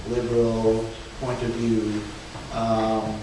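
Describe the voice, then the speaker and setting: A man giving an informal slide presentation at a book event, speaking haltingly with many restarts and fillers and chuckling now and then. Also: on the low side, completely flat delivery. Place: event room in a museum. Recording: echoey room, far from mic, background noise.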